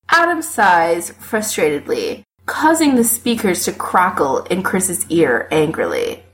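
A woman narrating a story with expressive delivery. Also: on the low side, slow pace. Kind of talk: story reading.

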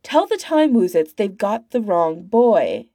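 A brash young time-jumping woman, played by a woman reader, quick to snap and full of sarcasm. The voice sits raised and bouncy, with a gravelly texture and a dry close sound. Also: mid-range voice, sing-song, dark tone, no room sound. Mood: sarcastic.

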